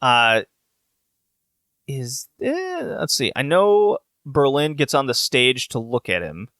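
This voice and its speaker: Casting note: young adult male podcast host, bright voice, dry close recording, rambling and profane. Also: medium pitch, sing-song, slow, clear, resonant tone, no echo. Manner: rambling, profane, many restarts. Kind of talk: casual chat recap.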